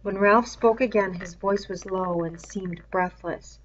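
A woman reading a novel aloud in a steady, measured storytelling voice. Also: mid-range voice, dull audio, a little hiss or hum. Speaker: reader.

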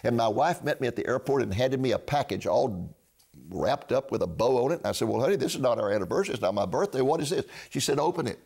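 Older man, gravelly storyteller. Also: mid-range voice, animated, quick pace, a little mellow. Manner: earnest storyteller, acts out quoted dialogue. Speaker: ministry founder and TV host. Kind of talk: personal testimony storytelling.

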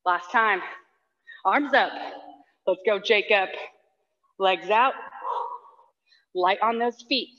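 Bright-voiced woman calling workout cues. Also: medium pitch, takes it slowly, long pauses, in a large hall. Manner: short shouted cues, countdowns and cheering people by name. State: breathing hard from exercising. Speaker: fitness instructor. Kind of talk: live workout coaching. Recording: dull lo-fi online class audio.

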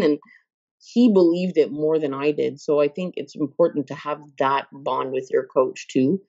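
A woman's voice: sits low, steady tone, normal speed, warm tone, no room sound. A woman guest in a casual podcast interview who talks expressively, laughs often and acts out the voices she quotes. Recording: dull lo-fi sound.

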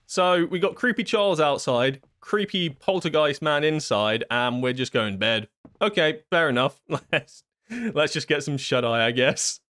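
A man's voice: fairly high pitch, expressive, measured pace, a bit bright. A man jokes sarcastically and swears as he talks through a horror video game, laughing often. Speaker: gaming YouTuber. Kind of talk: horror game let's play commentary.

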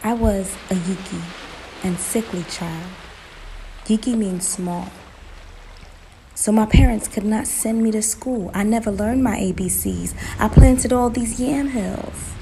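A woman's voice: medium pitch, measured pace, lightly acted. A woman voicing a crafty little male spider who talks in a sugary, wheedling way, in a noisy recording. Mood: sugary pleading.

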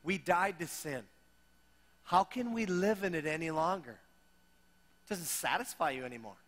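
A man with a high, bright voice preaches in an animated, conversational way. He voices his listeners' imagined questions and then answers them. The sound carries a long reverb from a large church hall. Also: normal speed. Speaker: pastor. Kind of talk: sermon.

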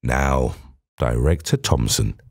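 A calm, exacting detective, as a male narrator puts him on, speaks low and clipped in a deep voice. The reading is dry and close, with no room around it. Each remark lands even and unhurried, the tone of a man long sure of himself. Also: no echo, exaggerated voice. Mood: cool. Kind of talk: audiobook character voice.

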